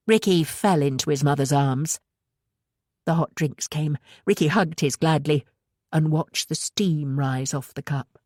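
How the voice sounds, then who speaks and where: Low-voiced woman reading an audiobook. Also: a little slow, darkish tone, no room sound, clean studio sound. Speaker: audiobook narrator. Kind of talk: scripted narration.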